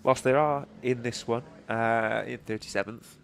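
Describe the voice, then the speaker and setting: A man's voice: medium pitch, fairly even intonation, a little slow, gravelly. A young man with a congested, nasal voice, giving live motorsport commentary with dry joking asides. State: congested from allergies. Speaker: race commentator. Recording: faint ambient noise.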